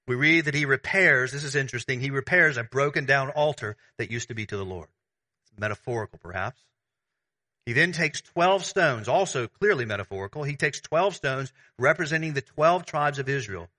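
A man preaching a sermon as pastor, conversational and animated, with everyday analogies. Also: medium pitch, normal speed.

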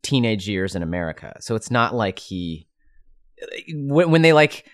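A man's voice: lowish voice, sing-song, moderate pace. A man hosting a podcast in casual, chatty conversation, with many fillers. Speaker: podcast host. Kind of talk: casual chat.

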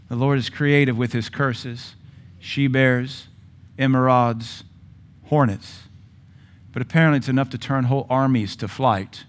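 A middle-aged male pastor preaching a sermon, with forceful rises in volume and sudden quiet drops. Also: medium pitch, fairly even intonation, unhurried.

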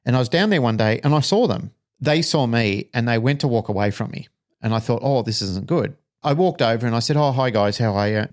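Gravelly man, frank storyteller. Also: fairly low pitch. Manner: frank, emotional, swears freely. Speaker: dog trainer and podcast co-host. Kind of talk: candid podcast storytelling.

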